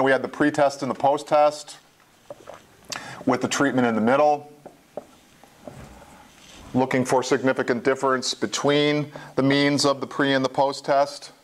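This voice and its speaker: A man lecturing a college statistics class in a classroom. He explains step by step in a plain voice and repeats the key points, with small asides along the way. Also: mid-range voice. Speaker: statistics instructor.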